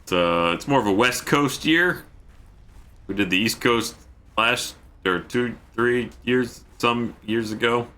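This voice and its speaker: A man's voice: mid-range voice, takes it slowly, sharp tone. A man streaming a game, chatting casually, joking and reading chat messages aloud. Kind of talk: casual gameplay commentary.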